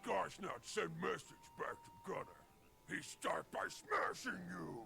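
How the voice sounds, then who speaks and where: Boar chief in a game, hot-headed, broken grammar, gravelly rasp, swooping pitch. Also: male voice, big pitch swings, unhurried, pushed and bright, slight background noise, exaggerated voice. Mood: angry.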